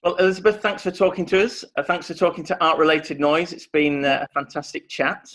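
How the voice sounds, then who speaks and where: Halting male podcast host. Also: fairly high pitch, fairly even intonation, fairly bright tone. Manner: halting, stumbling starts. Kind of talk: casual interview chat.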